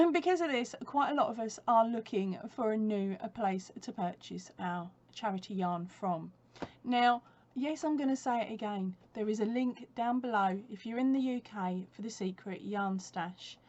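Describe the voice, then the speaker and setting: In a casual chat at home for her crochet vlog, a woman with a mid-range voice rambles, laughs often and corrects herself mid-thought. The audio sounds dull.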